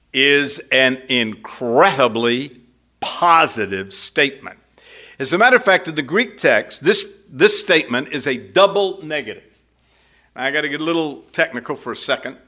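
A man preaching an expository sermon, teaching in a slow, emphatic, conversational way with many rhetorical questions. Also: mid-range voice, sharp tone.

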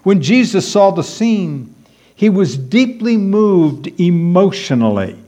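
A man's voice: sits high, big pitch swings, slow pace, mellow. A man preaching a sermon, emphatic and repeating key words for stress.

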